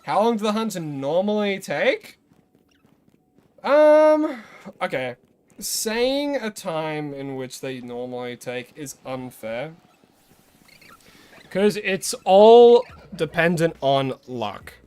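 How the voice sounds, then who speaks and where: An Australian man chats casually with viewers while live-streaming a game, greeting them and correcting himself as he rambles. His voice sits on the high side, with a sing-song lilt, a slow pace and frequent pauses, and it sounds smooth and darkish.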